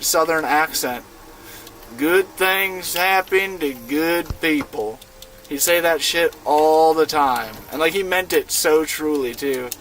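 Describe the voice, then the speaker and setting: Casual young male streamer, slightly high voice, slangy and laid-back, faint hiss behind. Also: a bit bright. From United States. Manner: laid-back, slangy, chatting with his viewers while playing. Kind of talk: casual live-stream gaming chat. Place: inside a van.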